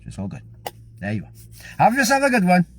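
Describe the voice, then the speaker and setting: A man's voice: high voice, huge pitch swings, fast, a bit bright. A man giving a casual, chatty motivational talk to camera, encouraging and a little repetitive. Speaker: motivational vlogger.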